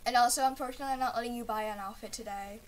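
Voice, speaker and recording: A woman's voice: fairly high pitch, fairly even intonation, very fast, a little hiss or hum. A woman hosting a casual gaming video, coaching a friend with teasing, giggly remarks. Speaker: gaming channel host.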